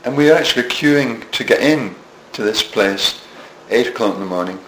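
This Scotsman in his seventies has a medium-pitched, fairly bright voice with lively intonation, speaking at normal speed. In an echoey, faintly noisy room, he recounts self-mocking anecdotes during an interview, often starting over mid-thought.

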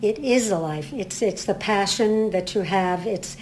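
A woman's voice: mid-range voice, unhurried, a little hiss or hum. An older woman, a community theater actress, talking through a show in a casual interview with lots of restarts. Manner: rambling, many restarts, animated storytelling.

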